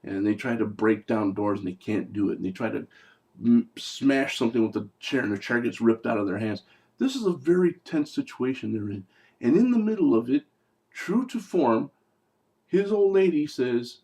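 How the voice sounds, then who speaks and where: A man's voice: mid-range voice, animated, normal speed, mellow. A man reviewing a movie in casual talk, sarcastic and profane, with rambling asides.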